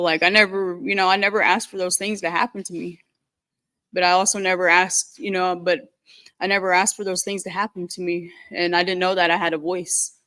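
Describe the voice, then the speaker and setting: A woman telling her recovery story in an earnest, candid way, halting often and repeating herself with many fillers. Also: fairly low pitch, a bit bright. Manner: halting, repetitive, with many "you know" fillers. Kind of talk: personal recovery testimony.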